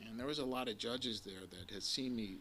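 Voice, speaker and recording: A man's voice: mid-range voice, a little fast, bright, forceful tone, a little hiss or hum. A man in his forties speaking at a recovery meeting, telling his story bluntly with plenty of swearing and a rambling flow. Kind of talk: personal recovery share to a live audience. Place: community center meeting room. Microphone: live recording of a talk to an audience.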